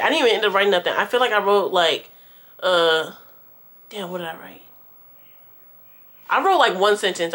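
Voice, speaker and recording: A woman's voice: mid-range voice, sharp tone. A young woman vlogger telling a storytime tale to her viewers in a slangy, profane, chatty way. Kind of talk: casual storytime.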